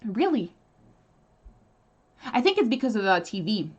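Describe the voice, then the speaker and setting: A woman's voice: mid-range voice, very animated, measured pace, highs cut off. A woman from Quebec with a Quebec French accent, a native French speaker, chatting casually on a live stream. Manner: chatty, laughs often, restarts sentences. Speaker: co-host.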